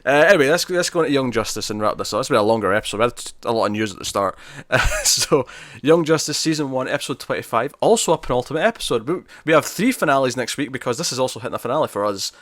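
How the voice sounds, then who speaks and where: A man's voice: mid-range voice, lively intonation, fast talker, fairly bright tone, no echo. A man co-hosting a podcast in casual chat, rambling with lots of "like" and laughs. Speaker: podcast co-host.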